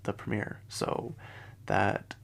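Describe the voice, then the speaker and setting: A man hosting a casual pop-culture commentary podcast, chatty and full of fillers, often dropping into hushed asides. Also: takes it slowly. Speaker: podcast host.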